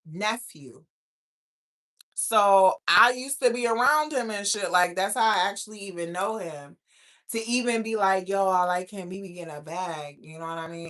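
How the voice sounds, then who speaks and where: A young woman hosting her own show, chatting casually and reacting to viewer comments, brash and profane, breaking into loud laughter. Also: medium pitch. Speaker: host.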